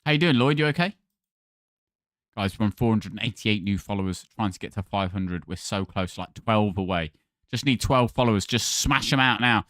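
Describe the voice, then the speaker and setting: A man's voice: on the low side, moderate pace, fairly bright tone, no room sound, clean studio sound. A man hosting a gaming livestream, chatting casually and thanking viewers by name.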